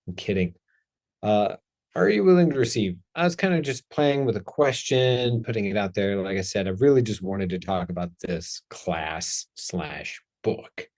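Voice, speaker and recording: A man's voice: lowish voice, lively intonation, normal speed, darkish tone. A man hosting a casual talk show, talking in a playful, chatty way and joking about himself. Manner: playful, chatty, self-deprecating. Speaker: host.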